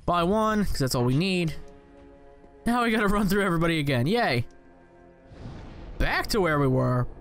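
Male let's-player, high and animated, profane and jokey. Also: dry recording, studio quality. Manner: profane, jokey, talks to enemies on screen. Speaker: gaming commentator. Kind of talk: casual let's-play commentary.

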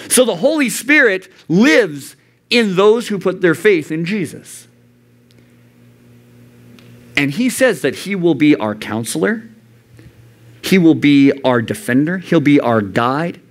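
A man preaching to a youth group, animated and acting out the voices he quotes. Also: a little high, a little slow. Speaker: youth pastor. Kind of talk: sermon. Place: church youth service.

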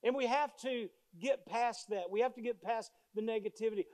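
High-voiced preaching pastor. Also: male voice, a little fast, few pauses, darkish tone. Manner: emphatic, repeats phrases, storytelling. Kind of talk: sermon.

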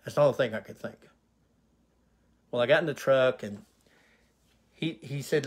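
A man's voice: mid-range voice, moderate pace, pauses often, husky. A male pastor telling his personal testimony, an emotional, vivid retelling full of quoted dialogue.

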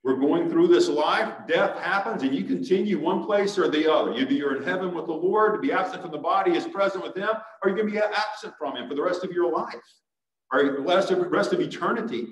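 Heard from a distant mic in an echoing church sanctuary, this pastor speaks briskly in a voice that sits high. His earnest sermon builds toward urgent exhortation.

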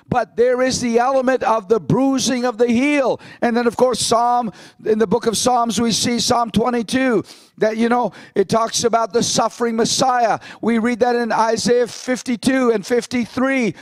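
A man's voice: very high voice, dry recording, rough recording. A man, a pastor, preaching a sermon in an emphatic style, quoting scripture.

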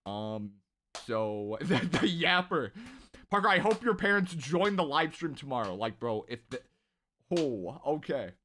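A talkative man hosts a gaming live stream from home. His voice sits a little higher than most men's. He rambles freely between shout-outs to his viewers. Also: very animated, measured pace, a little hiss or hum. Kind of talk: casual live-stream chat.

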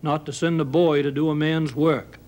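A man's voice: fairly high pitch, level tone, moderate pace, a little mellow, natural voice. A man voicing a blunt, defiant fisherman. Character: gruff stubborn Maine fisherman, adult man.

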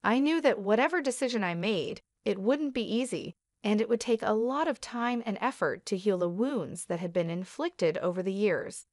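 Steady woman narrating a story. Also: mid-range voice, normal speed, hardly any pauses, no echo, studio quality. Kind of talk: scripted first-person story narration.

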